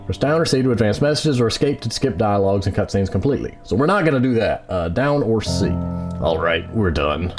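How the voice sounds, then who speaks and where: Wry, chatty man with a lively low voice. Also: a little fast. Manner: wry, chatty, joking about the game. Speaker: gamer. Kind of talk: let's play commentary. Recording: loud game music behind.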